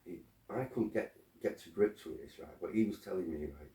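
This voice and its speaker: A man's voice: low-pitched, moderate pace, reverberant, far from the mic. A man, chatting as a podcast guest and acting out arguments he has had. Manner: animated storytelling, acting out quoted arguments, swears. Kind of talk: casual podcast conversation.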